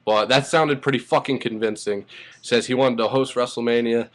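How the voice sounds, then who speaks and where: A man giving a casual spoken recap of a wrestling show, rambling and excitable, swearing freely as he goes. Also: mid-range voice, moderate pace.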